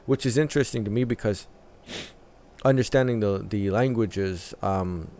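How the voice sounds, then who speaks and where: Man, music reaction host, lowish voice, smooth and clear, analytical, hesitant fillers. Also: warm tone. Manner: thoughtful, analytical, many filler pauses.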